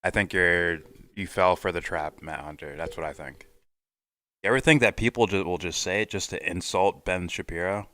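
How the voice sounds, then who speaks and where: A man's voice: low-pitched, normal speed, pushed and bright. A man hosting a casual reaction livestream, reading chat and arguing his points in a rambling way. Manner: rambling, argumentative, reads chat aloud. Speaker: livestream host.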